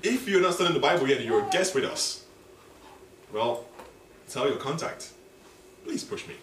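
A man preaching a sermon in a church, animated and dramatic, repeating key phrases and drawing responses from the congregation. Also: a little high, moderate pace. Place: church hall. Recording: echoey hall, distant mic, background noise.

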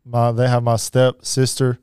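A man telling his life story as a podcast guest, halting, with many fillers and restarts. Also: medium pitch, monotone, a little mellow, clean tone, dry recording, clean studio sound. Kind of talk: personal storytelling.

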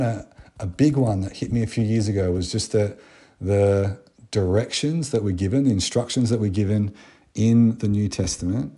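Man, Australian accent, pastor, conversational sermon, low voice, warm dark tone. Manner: conversational, with fillers and restarts between Bible readings.

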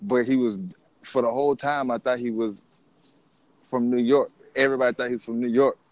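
A man's voice: medium pitch, little pitch movement, fairly quick, darkish tone, no echo. A man in casual conversation, telling stories about rap music in a laid-back, slangy way with plenty of swearing.

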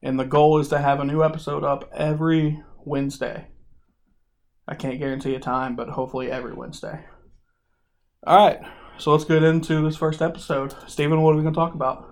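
A man's voice: on the high side, flat delivery, brisk, a little mellow. A man hosting a casual podcast, joking and rambling with fillers. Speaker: podcast host.

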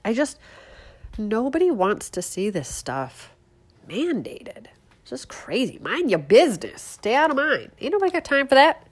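A woman's voice: on the high side, wildly swooping pitch, normal speed. A woman hosting a political opinion show, talking sarcastically and bluntly with a stuffy nose from a head cold. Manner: sarcastic, mocking, outspoken. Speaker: show host.

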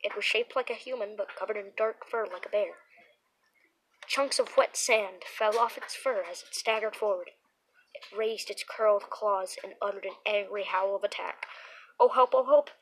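A woman reading a children's horror book aloud, with dramatic, expressive storytelling and the occasional restart. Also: mid-range voice, normal speed, slight background noise, poor audio. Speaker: narrator.

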